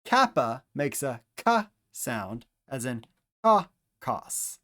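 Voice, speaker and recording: A man teaching Greek pronunciation, speaking deliberately and repeating each letter and example word for the listener. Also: medium pitch, very animated, pushed and bright. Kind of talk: slow instructional pronunciation lesson.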